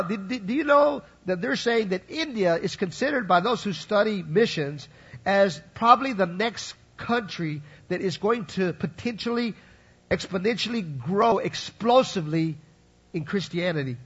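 A man preaches with a high, breathy-edged voice, tossing in quick asides to keep the congregation with him. The recording is muffled and dull, with little treble. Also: animated, fairly bright tone. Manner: conversational preaching, frequent "right?" and "you follow?" asides. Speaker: pastor. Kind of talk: sermon.

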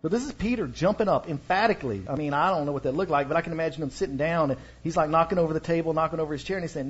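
Husky, higher-pitched Texan man, relaxed slangy preacher, dull lo-fi recording. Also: quick pace. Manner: casual, conversational retelling with slang and fillers. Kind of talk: sermon.

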